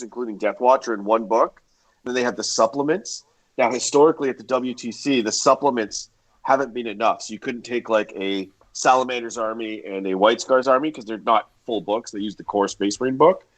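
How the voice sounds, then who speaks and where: Congested man hosting a podcast. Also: medium pitch. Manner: steers the discussion, thinks aloud. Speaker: podcast host. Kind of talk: casual chat.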